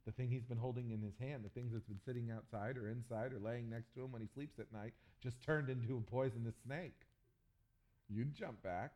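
A man preaching a sermon, telling stories with humor and jumping to loud, animated bursts. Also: mid-range voice, a little fast. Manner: animated storytelling with jokes and sudden loud bursts. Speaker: pastor.

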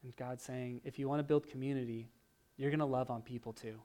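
A man preaching a sermon, animated, swinging from loud emphasis to hushed, quiet asides. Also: mid-range voice, a little fast. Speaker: pastor.

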